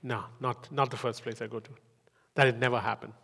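A man's voice: mid-range voice, steady tone, brisk, creaky, sharp tone, slightly rough. A man preaching a sermon in an emphatic way, often repeating lines for weight. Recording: long hall reverb.

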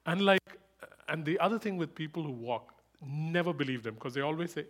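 Man, preacher, sermon, fairly high voice, lively anecdotes, laughs a lot, repeats phrases. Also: a little fast. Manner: animated storyteller, laughs often, repeats key phrases for emphasis.

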